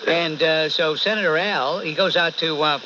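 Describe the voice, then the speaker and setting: A man's voice: on the high side, normal speed. Man, radio talk show host, New York accent, sarcastic, blunt, dull hissy broadcast. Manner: blunt, insulting, sarcastic, hangs up on callers. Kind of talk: combative call-in radio talk.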